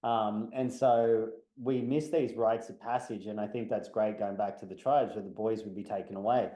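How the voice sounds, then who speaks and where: A man's voice: lowish voice, steady tone, moderate pace, warm tone, roomy sound, rough recording. A man who is a guest on a podcast, talking bluntly in casual conversation and swearing now and then. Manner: blunt, swearing, acts out quotes with energy.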